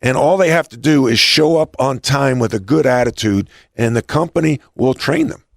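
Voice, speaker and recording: Gravelly-voiced male interview host. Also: medium pitch, normal speed, no room sound, clean studio sound. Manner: storytelling, many restarts. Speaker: podcast host and coach. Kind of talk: conversational interview.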